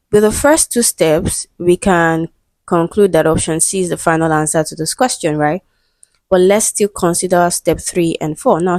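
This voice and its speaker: A woman's voice: lowish voice, a little mellow, no echo. A woman with a Nigerian English accent, patiently going through exam English questions and checking in with "okay" and "right". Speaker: exam prep tutor.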